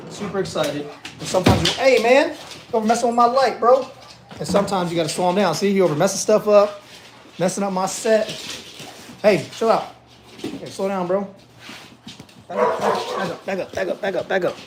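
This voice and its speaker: A man working as a dog trainer, chatting in laid-back slang while he trains dogs and talks to viewers. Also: high voice. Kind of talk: live-streamed training session chat. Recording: echoey room, off-mic, noisy.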